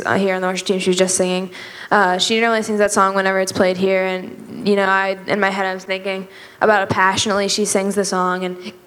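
A woman's voice: medium pitch, fairly bright tone. A teenage girl giving a rambling, earnest testimony at church, with lots of fillers. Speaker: youth group member. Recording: long hall reverb.

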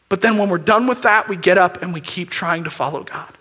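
A man preaching with a very high voice. He talks to the congregation in a loose, chatty way, checking in with "okay?" and rising to emphatic near-shouts. His tone is bright and forceful. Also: fairly quick, hardly any pauses. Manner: conversational, often checks in with "okay?". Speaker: pastor. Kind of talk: sermon.

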